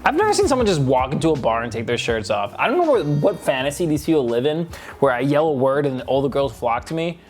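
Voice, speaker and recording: Male reviewer, sarcastic comic commentary, animated delivery over a light music bed. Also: on the high side, fast. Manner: sarcastic, laughing often, crude jokes. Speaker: reality show reviewer. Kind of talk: comedic commentary over clips.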